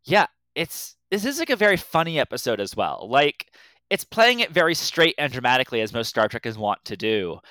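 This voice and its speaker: A man's voice: medium pitch, very animated, brisk, pushed and bright, smooth, no room sound. A man co-hosting a podcast in casual chat, rambling and restarting his sentences. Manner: rambling, many fillers and restarts. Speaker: podcast co-host.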